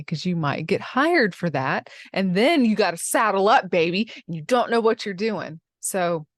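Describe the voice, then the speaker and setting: A woman's voice: medium pitch, lively intonation, normal speed, few pauses, dry recording, studio quality. A woman giving blunt, emphatic career advice in a casual interview, calling listeners honey and baby.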